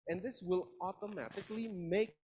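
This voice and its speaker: A man's voice: sits high, normal speed, background noise. A man lecturing a class in an interactive style, asking his audience questions. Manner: lively, engaging, asks the audience questions.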